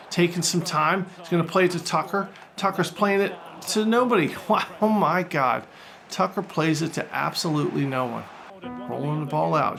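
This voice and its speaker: A fairly high-voiced man calls a video game football match like a mock broadcaster. He swings from calm play-by-play to excited shouting at shots and saves, tossing in jokes along the way. Faint game music plays underneath. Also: gravelly. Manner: mock sportscaster, excitable, jokey. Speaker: gaming YouTuber. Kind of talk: let's-play commentary.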